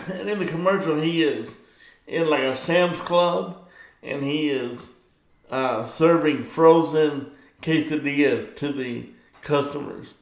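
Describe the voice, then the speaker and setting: Gravelly middle-aged man chatting casually. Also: on the high side, slow, reverberant. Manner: chatty, rambling, gets worked up about sports. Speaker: vlog host. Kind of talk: casual monologue to camera.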